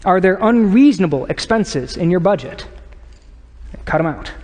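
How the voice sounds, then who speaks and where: A man preaching a sermon as pastor, earnest and conversational, at times dropping to a hushed voice. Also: high-pitched, lively intonation, moderate pace. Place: church sanctuary. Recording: long church reverb.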